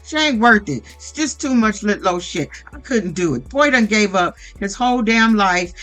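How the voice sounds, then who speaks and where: A woman's voice: medium pitch, animated, normal speed, a bit bright, soft background music. A woman giving casual reality TV recap commentary in a blunt, profane and opinionated way. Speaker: vlogger recapping a reality show.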